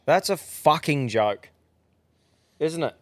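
A man's voice: on the high side, expressive, takes it slowly, no room sound, clean studio sound. A man with an Australian accent hosting a podcast in blunt, sweary casual chat. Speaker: podcast host.

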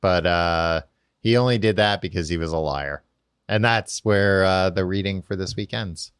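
A man's voice: deep voice, moderate pace, clear, resonant tone, no echo, studio quality. A man co-hosting a podcast, recapping a book in casual chat with lots of fillers, restarts and laughter. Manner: rambling, filler-heavy, laughs often. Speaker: podcast co-host.

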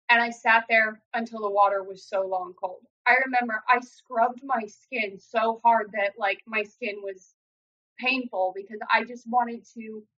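A young adult woman telling a painful personal story in an earnest, halting way, acting out what others said. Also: fairly high pitch, a bit bright. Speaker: guest sharing personal story. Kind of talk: emotional personal account. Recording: dull lo-fi sound.

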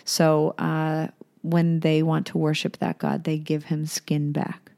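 A woman's voice: low-pitched, completely flat delivery, slow, mellow. Irreverent young woman retelling myths. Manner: irreverent, swearing, chatty asides. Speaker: storyteller. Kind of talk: casual myth retelling.

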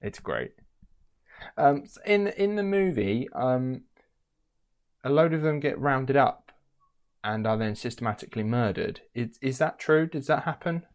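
A man's voice: medium pitch, animated, unhurried. A man co-hosting a podcast, chatting casually and animatedly retelling film scenes, with some swearing. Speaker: podcast co-host. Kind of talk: casual chat.

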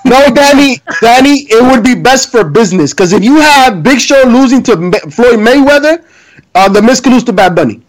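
A man's voice: very high-pitched, lively intonation, normal speed, rough recording. A man co-hosting a wrestling podcast, chatting casually and joking with many restarts. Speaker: podcast co-host.

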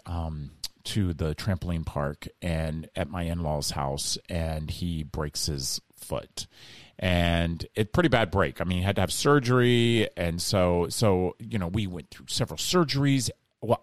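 A middle-aged man, guesting on a casual interview, tells a story with animation and acts out the voices of the people he quotes. His voice is low-pitched, with no echo.

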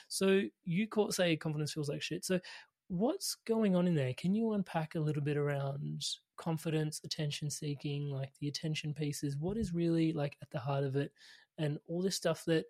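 A man's voice: on the high side, a little mellow, no echo, studio quality. A man hosting a podcast interview, chatting casually with lots of fillers and restarts. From Indian heritage. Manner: rambling, filler-heavy, laughs easily. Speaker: podcast host.

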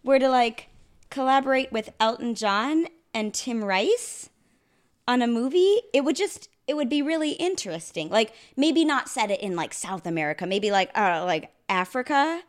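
A young adult woman co-hosting a podcast in a casual chat, animated and quick to laugh. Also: a little high. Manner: animated, laughs often, talks in bursts. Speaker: podcast co-host.

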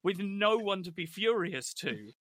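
Bright-voiced man chatting about TV. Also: high voice, a little slow, dry recording, studio quality. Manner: animated, acts out characters' lines when retelling. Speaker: podcast co-host. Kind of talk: casual chat recapping a TV episode.

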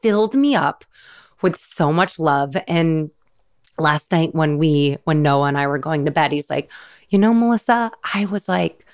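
A woman's voice: deep voice, a little slow. A woman in her thirties hosting a podcast, telling an emotional story in a casual, earnest way with lots of quoted dialogue. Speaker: podcast host.

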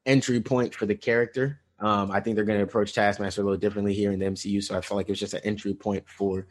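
A man's voice: on the low side, flat delivery, rapid-fire. Rambling man chatting about a movie. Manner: rambling, many restarts and fillers. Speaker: podcast co-host. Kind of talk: casual movie review chat.

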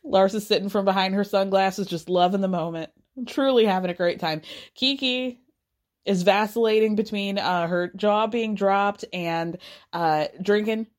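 A woman's voice: mid-range voice, normal speed. A woman recapping a reality show in casual chat, opinionated and full of "like" fillers, with some casual swearing. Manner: opinionated, chatty, lots of "like" fillers.

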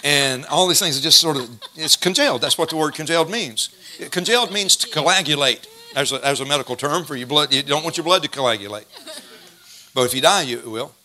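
A middle-aged man preaching a sermon, folksy and storytelling, slowing down to stress scripture verses. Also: fairly high pitch, pushed and bright.

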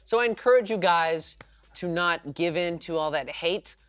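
A man's voice: on the high side, normal speed, a bit bright, dry recording. A man hosting a sports podcast, talking in a casual, enthusiastic and fired-up way. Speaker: podcast host and fan.

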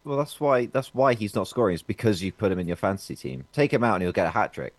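A man on a football podcast panel, making wry remarks in a slow drawl. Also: on the low side, expressive, no room sound. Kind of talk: casual football podcast chat.

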